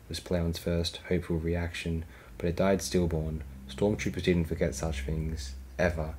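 Deep-voiced male audiobook reader. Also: flat delivery, moderate pace, a little mellow, a little hiss or hum, poor audio. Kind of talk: fan audiobook narration.

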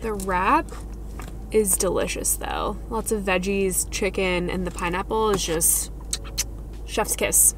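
A young woman chatting casually to camera in a vlog, excitable and gushing as she talks from her parked car and later at home. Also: mid-range voice, a little hiss or hum. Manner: chatty and excitable, gushing about food and purchases. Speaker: lifestyle vlogger.

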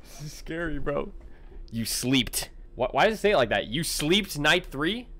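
Excitable gamer guy, high and very animated, loud game music behind. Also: moderate pace, low-quality recording. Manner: excitable, yelling and talking to chat. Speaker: gaming video creator. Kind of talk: let's play commentary.

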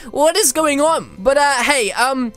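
A woman hosting a game video, chatting and exclaiming in excited commentary. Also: sits high, measured pace. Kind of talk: excited let's-play commentary.

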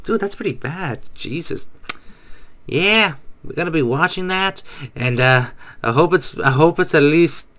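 A man hosting a casual reaction video, excitable and exclamatory, often laughing. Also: on the high side, a little slow.

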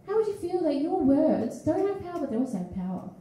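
A woman's voice: high voice, quick pace. An Australian woman telling a story at a live poetry event, acting out the people in it as she goes. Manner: animated, acts out the people in her story. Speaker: feature poet. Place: small studio venue with a live audience. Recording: echoey live room recording.

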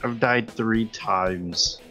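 A man making slow, drawling joking remarks while playing a video game with friends on a stream. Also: fairly low pitch, music in the background. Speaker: gamer on stream. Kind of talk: casual gaming chat.

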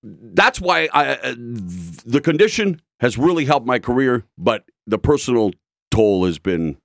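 A man's voice: medium pitch, big pitch swings, unhurried, gravelly, no echo, studio quality. Intense, rambling male interview guest. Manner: intense, rambling, frequent restarts. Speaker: guest, broadcaster. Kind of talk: candid interview talk.

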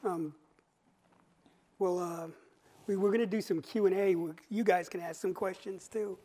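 A woman moderating a live interview, talking in a halting way with lots of fillers. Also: fairly low pitch, fairly even intonation, dark tone, breathy edge.

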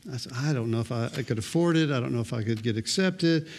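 A man's voice: mid-range voice, quick pace, darkish tone. A middle-aged male pastor preaching a sermon, telling personal stories with dry, self-mocking humor.

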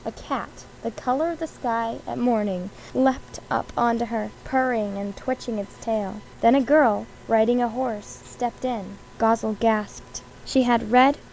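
A woman reading a children's novel aloud, lively, lifting her voice a little for the characters' lines. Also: on the high side, a little slow, gravelly, few pauses, a little hiss or hum, low-quality recording. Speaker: reader.

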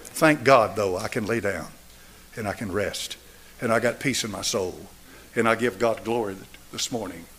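A man in his seventies preaching a sermon and altar call, driving points home through repetition and swinging between raised and hushed delivery. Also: fairly low pitch, normal speed, a little hiss or hum. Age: 70s. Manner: emphatic, repetitive preaching cadence. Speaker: pastor.

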